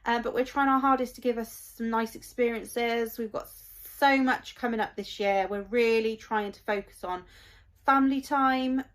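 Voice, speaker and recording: A woman's voice: fairly high pitch, steady tone, normal speed. A woman, talking in a heartfelt, rambling vlog as a parent, with many fillers. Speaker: parent vlogger. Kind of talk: casual vlog monologue.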